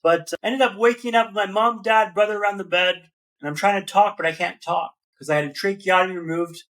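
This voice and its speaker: A young man with a noticeably high voice tells his story as a podcast guest. His talk is casual and animated, and he keeps dropping in slang like "man" and "brother." The recording is a clear podcast mic. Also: a little fast.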